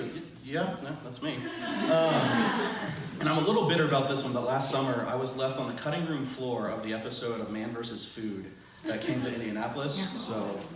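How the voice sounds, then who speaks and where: A man who is a teacher, telling a true personal story live on stage to an audience, animated and self-deprecating with frequent laughs. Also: mid-range voice, slight background noise. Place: event venue with audience, large room. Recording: very echoey room, voice from far off.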